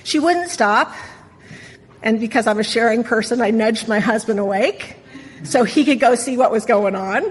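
Middle-aged woman sharing her story, wry and candid, kinda husky, big echoey hall. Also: fairly high pitch, moderate pace. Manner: wry, candid, self-mocking. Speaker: speaker sharing at a recovery meeting. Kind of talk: personal storytelling share.

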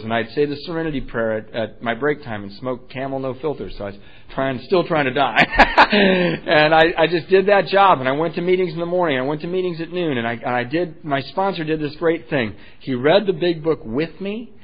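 A man's voice: on the high side, muffled recording. Candid man telling a recovery story. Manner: candid, heartfelt, self-mocking, swings between hushed and loud. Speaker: speaker sharing a recovery story. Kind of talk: personal testimony talk.

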